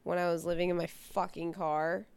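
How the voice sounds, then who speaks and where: A woman's voice: fairly low pitch, flat delivery, normal speed, gravelly, a little mellow, clear, resonant tone. A woman guest answering in a casual interview, candid and blunt and swearing freely.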